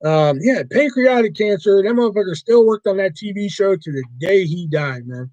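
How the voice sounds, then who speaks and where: A man's voice: high voice, lively intonation, moderate pace, a little mellow, no echo, highs cut off. A man hosting a livestream, chatting casually about movies in a rambling, profane way. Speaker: livestream host.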